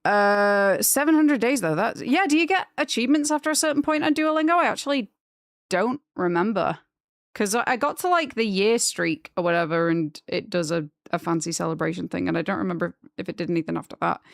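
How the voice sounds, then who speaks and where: A woman's voice: mid-range voice, a little fast, gravelly, dry recording. Chatty woman streamer, dry close sound. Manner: chatty and rambling, gushing when excited. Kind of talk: casual live-stream chat.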